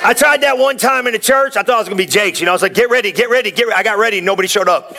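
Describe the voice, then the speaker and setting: A man preaching a sermon as pastor, in an energetic, folksy, conversational way, joking with the congregation and shouting out punchlines. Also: high voice, very fast, gravelly, crowd noise, noisy background.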